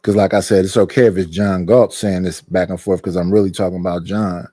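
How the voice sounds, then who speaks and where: A man's voice: low voice, steady tone, a little fast, warm tone, dry recording, studio quality. A man, complaining emphatically about people turning against him, repeating his points in casual streamed talk. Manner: aggrieved, emphatic, repeats himself. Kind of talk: heated casual chat. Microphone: streaming mic.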